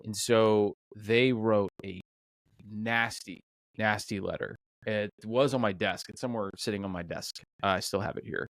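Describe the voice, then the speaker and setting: A middle-aged restaurant owner with a somewhat low voice is a guest on a podcast, telling a story in a relaxed interview. He's an animated storyteller who acts out quoted dialogue, full of fillers and quick restarts. The recording is dry and close, with no room sound.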